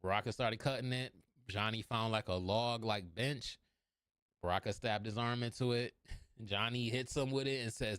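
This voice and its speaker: A man recapping a movie scene by scene in a casual, animated way, laughing often and swearing. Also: mid-range voice, normal speed, no echo, clean studio sound. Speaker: movie reviewer.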